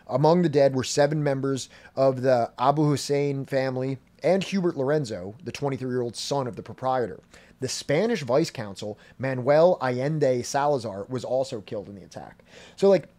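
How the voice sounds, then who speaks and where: A man's voice: medium pitch, moderate pace, warm tone. A man hosting a history podcast, reading passages and then explaining them in loose, filler-heavy talk. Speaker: podcast host. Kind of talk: casual history podcast commentary.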